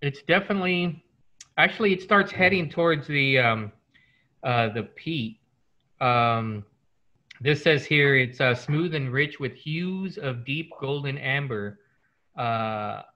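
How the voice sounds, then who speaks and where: A man's voice: mid-range voice, pushed and bright, lo-fi sound. A man hosting a podcast, chatting and joking loosely while tasting whiskey, with many fillers and restarts. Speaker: podcast host. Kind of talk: casual chat over whiskey tasting.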